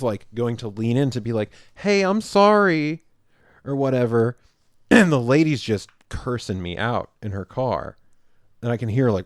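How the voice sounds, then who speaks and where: A man's voice: medium pitch, dry recording, studio quality. A man co-hosting a podcast, telling a story in casual chat and acting out the quoted lines with lots of laughs. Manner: animated, acts out quoted lines, laughs often. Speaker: podcast co-host.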